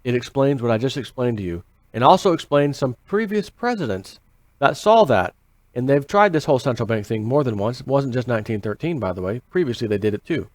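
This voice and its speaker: A man giving a casual, animated monologue on finance, repeating phrases for emphasis and asking rhetorical questions. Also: medium pitch, brisk, no room sound. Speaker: financial commentary vlogger.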